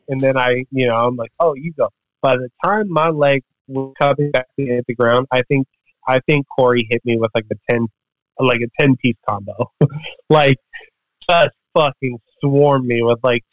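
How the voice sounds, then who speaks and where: Once more the MMA fighter, a podcast guest with a mid-range voice and no room sound, tells a rambling, profane story casually, acting out the quotes. The podcast audio sounds dull and dry.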